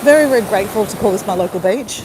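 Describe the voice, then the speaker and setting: A woman's voice: mid-range voice, racing. Australian woman, vlogger, casual walk-and-talk, outdoor phone recording, wind and surf noise. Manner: chatty, talking while walking on a beach. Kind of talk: casual live-stream chat. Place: beach at high tide, outdoors. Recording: noisy outdoor phone audio.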